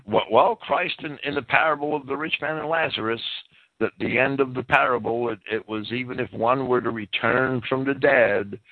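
A man's voice: mid-range voice, fairly even intonation, normal speed, no echo. A man speaking over a headset as a co-host. He is sneezing and coughing, and agrees eagerly with repeated restarts. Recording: dry tinny phone-like line.

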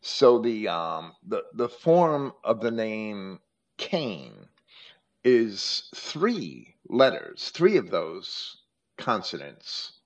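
A man with a lowish voice leads a scripture study lecture, his pitch rising and falling freely as he explains. He talks slowly and deliberately, pausing and restarting often. The recording sounds muffled and lo-fi. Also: sing-song. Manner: deliberate, explanatory, with frequent hesitations. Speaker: host.

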